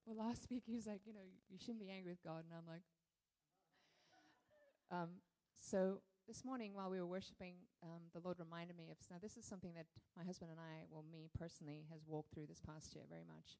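A woman sharing a candid personal testimony in church, animated and full of fillers. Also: lowish voice, fairly quick, creaky, poor audio. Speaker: guest speaker sharing testimony.

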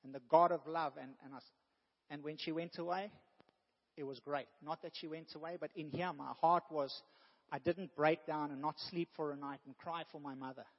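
A man's voice: on the high side, fairly even intonation, normal speed. Earnest preacher man in a reverberant hall. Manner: earnest, builds to emphatic bursts. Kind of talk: sermon. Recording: dull sound with long hall reverb.

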